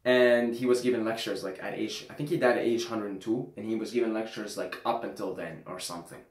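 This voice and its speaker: A man's voice: lowish voice, steady tone, fairly quick. A man talking casually and emphatically to his viewers, repeating phrases and swearing freely. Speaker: vlogger. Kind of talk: casual monologue to camera. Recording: roomy echo.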